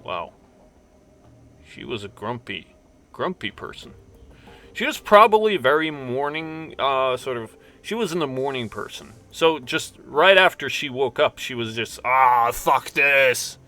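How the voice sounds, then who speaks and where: A man's voice: mid-range voice, big pitch swings, unhurried, sharp tone, soft background music. A man casually commentating a role-playing game, reading the text aloud and cracking jokes. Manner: joking asides, reads game text aloud. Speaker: let's play host.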